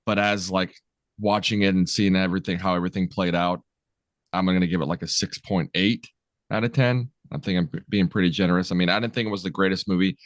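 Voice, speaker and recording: A man's voice: low voice, steady tone, fast talker, dry recording, clean studio sound. A man giving his final rating of a film on a podcast, speaking casually and hesitantly with many ums. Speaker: podcast co-host. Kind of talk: casual movie review chat.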